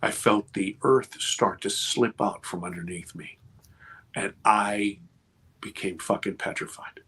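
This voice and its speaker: A man in his fifties, a podcast guest and producer, telling an intense personal story with swearing and animated retelling. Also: lowish voice, unhurried, slightly rough. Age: 50s. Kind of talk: emotional storytelling in conversation.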